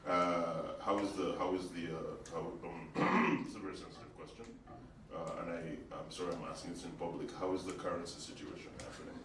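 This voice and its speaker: A man's voice: low voice, brisk. A man from Uganda doing a stand-up set, telling stories with acted-out voices and chatting with the audience. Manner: animated storytelling, acts out quoted voices, chats with audience. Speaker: stand-up comedian. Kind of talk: stand-up comedy set with crowd work. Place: comedy club stage with a live audience. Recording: roomy, distant club recording with audience noise.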